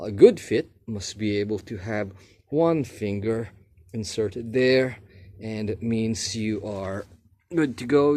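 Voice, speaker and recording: A man talking casually while unboxing and trying on a product, unhurried and halting, with pauses and fillers. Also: mid-range voice, warm tone. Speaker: vlogger unboxing shoes.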